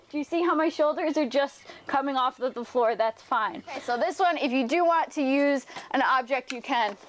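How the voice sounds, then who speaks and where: Her high voice comes through with a bit of background hiss or hum as this young woman teaches an at-home workout. She shows every exercise while explaining it step by step, occasionally losing her breath.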